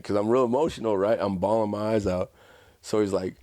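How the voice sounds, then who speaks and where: Speaking at normal speed in a very low voice, this podcast guest tells stories in an animated, conversational way, often tossing in "like" and "right?" The recording is dry and close with no echo.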